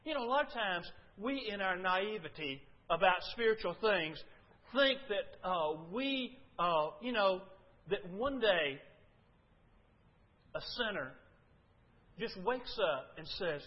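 An older male preacher, delivering a sermon that moves between loud, fervent pleas and quiet, low confiding talk. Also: expressive, slow pace. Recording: dull lo-fi recording.

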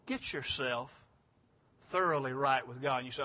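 A man's voice: medium pitch, normal speed. An older man preaching a sermon in a folksy, rambling, emphatic way. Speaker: pastor. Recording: dull lo-fi sound.

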